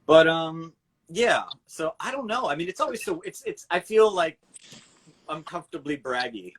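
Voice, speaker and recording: A man's voice: fairly high pitch, lively intonation, moderate pace, a bit bright, breathy edge, poor audio. A man, a voice actor, chatting casually on a video call in a hesitant, rambling way. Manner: rambling, hesitant, many restarts. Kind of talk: casual chat.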